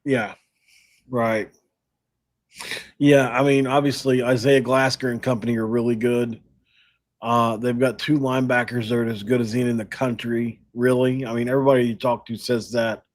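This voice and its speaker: A man's voice: medium pitch, little pitch movement, moderate pace. A man hosting a sports podcast, talking casually and in a rambling, self-deprecating way with frequent laughs. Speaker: podcast host.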